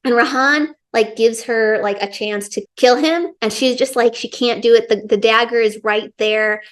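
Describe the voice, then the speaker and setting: A woman's voice: a little high, steady tone, normal speed. Chatty, enthusiastic young woman reviewing books. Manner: chatty and enthusiastic, many fillers. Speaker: book reviewer. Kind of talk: casual book review.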